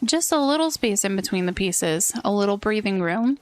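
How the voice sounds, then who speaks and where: A woman voicing a calm, wise space being in a slow, measured, soothing way over game music. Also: medium pitch, close to an everyday voice. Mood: serene.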